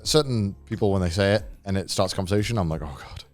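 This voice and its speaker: A man's voice: low voice, fast, dry recording, soft background music. A man from Ireland, co-host of a podcast, chatting casually and telling a funny story, laughing and acting out voices. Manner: animated, laughs while telling stories, acts out quoted voices.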